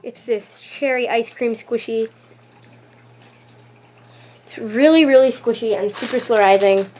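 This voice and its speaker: A YouTube vlogger with a high, bright voice shows off her collection in a casual show-and-tell, chatty and gushing, using "like" a lot and saying "really, really." She speaks a little slowly, filming on a handheld camera that sometimes shakes, with slight background noise.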